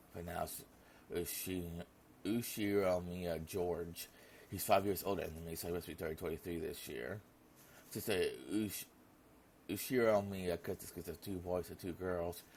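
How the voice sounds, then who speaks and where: Low gravelly young man reading a game. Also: darkish tone, slight background noise. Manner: casual, stumbling over names. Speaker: gamer reading a visual novel aloud. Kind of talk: reading game text aloud.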